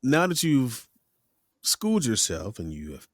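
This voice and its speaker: A man's voice: medium pitch, a little slow, no room sound. A man hosting a casual interview, talking shop about voice-over sessions and acting out quoted dialogue as he tells stories. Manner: animated, acts out quoted studio dialogue in different voices.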